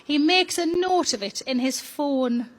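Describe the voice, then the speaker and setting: A woman's voice: high voice, unhurried, a little hiss or hum. A woman telling a comic story in a fond, amused way. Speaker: comedian.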